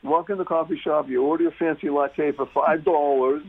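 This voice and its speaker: A man's voice: fairly high pitch, fairly even intonation, brisk, vocal fry, slightly rough. A man talking as a guest on a talk radio show, emphatic and repeating key words for stress. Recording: muffled phone-line radio sound.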